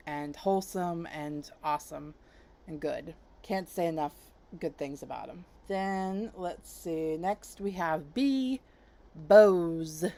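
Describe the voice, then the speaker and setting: A woman hosting her own channel, chatting casually and enthusiastically, rambling with fillers and soft laughs. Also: lowish voice. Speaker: YouTube channel host. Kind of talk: casual chat, recommending channels.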